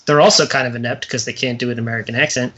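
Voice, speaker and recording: Bright-voiced man hosting a film chat. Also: mid-range voice, racing, low-quality recording. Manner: animated, jokey storytelling. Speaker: podcast co-host. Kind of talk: casual film review chat.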